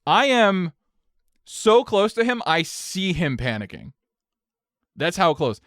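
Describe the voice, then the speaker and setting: A young man tells a wild story on a podcast, casual and loose with his language. His voice is smooth and clear, and it sits in a dry, close-miked room. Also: sits high, slow, no echo. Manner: animated, profane storytelling with swings in energy. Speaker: podcast co-host.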